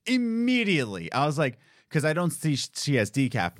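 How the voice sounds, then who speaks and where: Man, podcast host, casual storytelling, lively up-and-down delivery, dry close mic. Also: a little high, fairly quick, no room sound. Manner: animated, acts out quoted voices.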